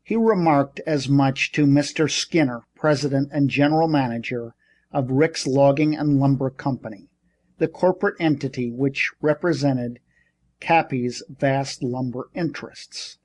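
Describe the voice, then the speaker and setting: A man reading an audiobook in measured, scripted narration. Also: medium pitch, darkish tone.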